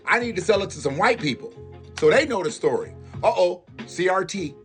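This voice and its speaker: A man's voice: sits high, animated, normal speed, soft background music. Heated, profane male livestream host. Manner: talks straight to his chat viewers. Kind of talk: live-stream commentary rant.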